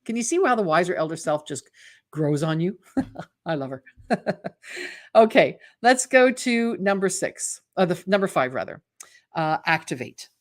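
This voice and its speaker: On a live webinar, a woman working as a mental fitness coach talks in a fairly low, lively, conversational way. Chatty with her audience, she keeps tossing in "right?" and performs imagined inner voices in quotes.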